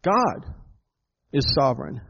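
A man's voice: mid-range voice, very animated, slow pace, creaky, highs cut off, background noise. A pastor preaching a sermon to his congregation, emphatic, often repeating words and calling them folks. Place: church hall with a congregation.

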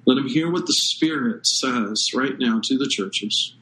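A man preaching a sermon as pastor, earnest and measured, stressing key words with pauses. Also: medium pitch, bright, forceful tone, rough recording.

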